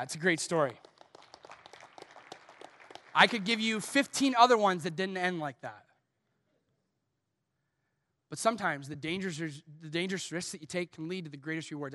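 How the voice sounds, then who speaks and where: A man's voice: sits high, a bit bright. A male pastor preaching a sermon, telling a personal story and building to impassioned urging. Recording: long hall reverb.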